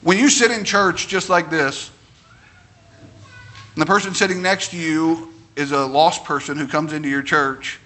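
Fervent, high bright-voiced male preacher. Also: moderate pace, pauses often. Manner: folksy storytelling, builds to fervent preaching. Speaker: pastor. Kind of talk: sermon.

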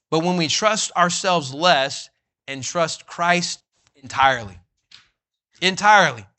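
Male preacher, fervent sermon delivery, bright and forceful voice, a bit high. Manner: fervent, rising to near-shouts when voicing Jesus; reads scripture in old-fashioned wording, slowing for emphasis.

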